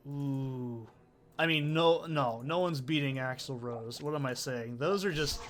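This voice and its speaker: A man's voice: medium pitch, a little slow. A man casually commenting while he plays a video game, rambling from topic to topic and swearing freely. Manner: rambling, profane, chatty. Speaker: let's play host.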